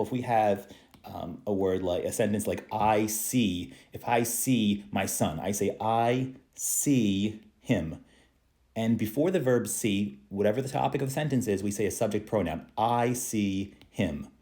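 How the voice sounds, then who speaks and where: A man, an English speaker, teaching a slow, patient grammar review full of repeated example sentences. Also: lowish voice, warm tone.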